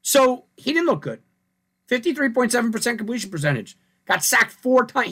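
A man's voice: extremely high pitch, big pitch swings, moderate pace, pushed and bright, breathy edge. A man hosting a sports talk show, breaking down rankings and stats in a conversational way, thinking aloud and asking rhetorical questions. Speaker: sports radio host. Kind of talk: casual sports talk and analysis.

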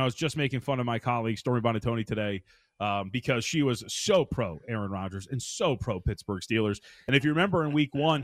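Sports betting analyst, male, rapid and opinionated, dry studio mic. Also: mid-range voice, no room sound. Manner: brisk, opinionated, self-mocking. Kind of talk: radio sports betting talk.

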